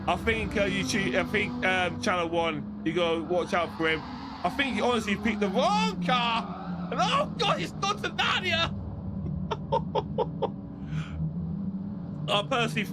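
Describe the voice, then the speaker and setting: A man commentating online races on his live stream, shouting during close finishes and then chatting loosely to his viewers while out of breath. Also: sits high, very noisy. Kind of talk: live race commentary and casual chat.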